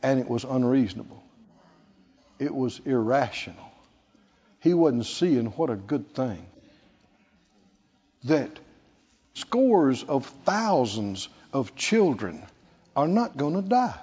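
A man preaching a sermon, lively and playful, acting out scripture scenes with laughter. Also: medium pitch, takes it slowly, long pauses, husky. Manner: animated, acts out Bible figures with laughter. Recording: lo-fi recording in a reverberant hall.

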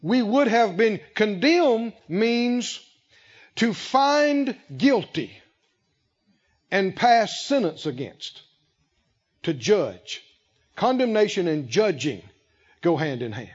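A male pastor preaching a sermon, speaking slowly and with emphasis, pausing to let the congregation fill in key words. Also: sits high, big pitch swings. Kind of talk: sermon with call-and-response. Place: church sanctuary. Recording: lo-fi with long hall reverb.

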